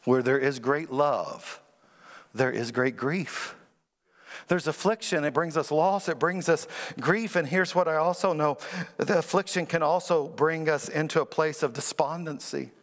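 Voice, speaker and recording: A male pastor delivers a sermon to his congregation, his voice sitting a bit high for a man. He leans into emphatic, rising lines and asks the room to answer him back. The sound rings out with a long reverberant tail, as in a large church sanctuary. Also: a little slow. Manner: preaching with call-and-response, rising emphatic pitch.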